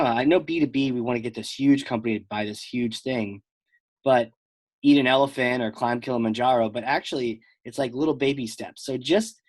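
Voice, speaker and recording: A man's voice: mid-range voice, a little mellow, no room sound. Playful man hosting a podcast. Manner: jokey, playful, breaks into mock voices. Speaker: podcast host. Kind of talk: casual interview chat.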